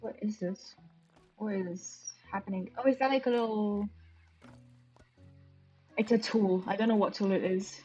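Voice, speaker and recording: A woman's voice: mid-range voice, steady tone, unhurried, pauses often, a little mellow. A woman from Romania, chatting casually on a live stream as she plays, thinking aloud with gasps of delight. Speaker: game streamer. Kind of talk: casual live-stream chat while playing. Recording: dull lo-fi stream audio with faint music.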